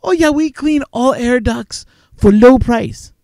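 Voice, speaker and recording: A man voicing an eager male phone salesman for a duct-cleaning service, giving an overly cheerful sales pitch. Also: slow, creaky, a little mellow, dry recording, clean studio sound, heavily acted.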